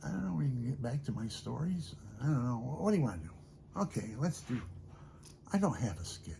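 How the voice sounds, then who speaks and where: An older man rambling off the cuff, talking low and softly and chuckling often. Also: big pitch swings, a little fast, creaky, slight background noise. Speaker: vlogger and hobby guitarist.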